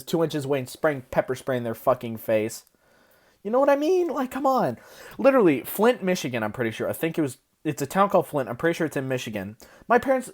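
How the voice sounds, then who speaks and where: A young woman rants into her phone, worked up and cursing as she rambles. Her pitch swings wide, rising high and dropping low as she gets heated. She talks like someone losing patience with everything. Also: a little mellow. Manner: profane, agitated, rambling. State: worked up, hysterical. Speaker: vlogger. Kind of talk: heated casual rant.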